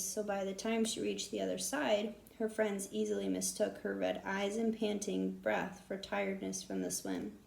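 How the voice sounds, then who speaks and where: Gravelly woman reading a storybook. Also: mid-range voice. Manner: steady, expressive reading. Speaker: audiobook narrator. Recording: roomy echo.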